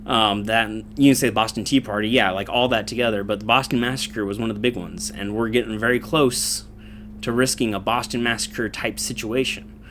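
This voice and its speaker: A man's voice: on the low side, fairly even intonation, fairly quick, a bit bright, a little hiss or hum. A young man in a casual, profane political rant, rambling with lots of fillers and laughing between points. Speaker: commentator.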